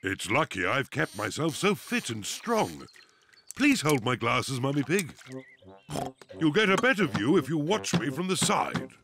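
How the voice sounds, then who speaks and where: A man's voice: medium pitch, very animated, a little slow, a bit bright, a little hiss or hum. An actor voicing a boastful, jolly grown-up father pig in a cartoon, pompous and chuckling. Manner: pompous, self-satisfied, chuckling. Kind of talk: cartoon voice acting. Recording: music under the voice.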